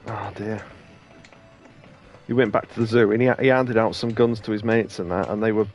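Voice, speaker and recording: A man's voice: fairly low pitch, fairly even intonation, normal speed, darkish tone, highs cut off, soft background music. A man co-hosting a let's play, chatting casually and telling rambling anecdotes with plenty of laughs. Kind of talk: casual chat over gameplay.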